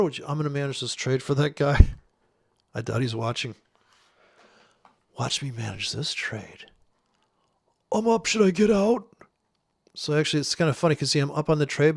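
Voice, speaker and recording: A man's voice: fairly high pitch, vocal fry. An older man running a forex trading channel, ranting with profanity and mockery in a rambling, scornful way while trading. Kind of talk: ranting commentary over live trading.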